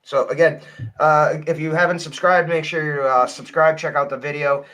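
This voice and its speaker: A man's voice: a little high, steady tone, normal speed, bright, forceful tone. A man co-hosting a casual livestream, giving upbeat plugs for merchandise and giveaways. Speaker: co-host.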